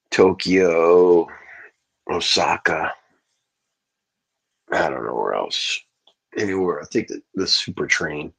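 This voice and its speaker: A man's voice: low voice, vocal fry, a bit bright, slightly rough, rough recording. A man ranting casually on a livestream, rambling and swearing as he answers his chat. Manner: profane, rambling, talks back to chat.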